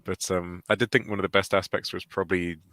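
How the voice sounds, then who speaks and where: Deep bright-toned male podcaster. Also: flat delivery, dry recording. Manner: hesitant, lots of fillers and restarts, quick. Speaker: podcast co-host. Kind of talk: casual chat.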